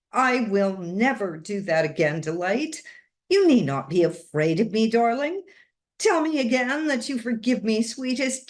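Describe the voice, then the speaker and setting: A woman's voice: on the high side, voice pushed up. A woman reading aloud and voicing an unhinged, grieving older woman who speaks passionately and entreatingly. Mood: sorrowful. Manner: passionate, entreating, a little wild. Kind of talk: storybook reading.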